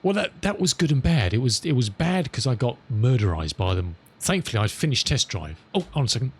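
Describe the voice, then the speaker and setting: A middle-aged man chatting casually with viewers as a live streamer, rambling and amused, reading radio calls slowly. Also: mid-range voice, big pitch swings, slightly rough. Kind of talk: casual chat with viewers while flying.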